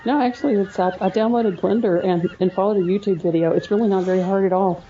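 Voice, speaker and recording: A woman with a Southern US accent, chatting casually as a podcast co-host, talking quickly with drawn-out vowels and frequent laughter. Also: mid-range voice, fairly even intonation, dark tone. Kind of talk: casual chat. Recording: dull lo-fi audio with faint hiss.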